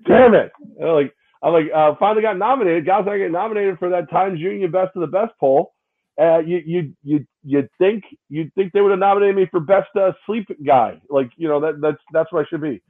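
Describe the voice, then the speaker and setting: A man's voice: a little high, fairly quick. Rambling man on a tinny line. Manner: rambling storyteller, repeats words, mimics others. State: hungover. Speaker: podcast co-host. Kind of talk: casual sports chat. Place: separate location from co-host.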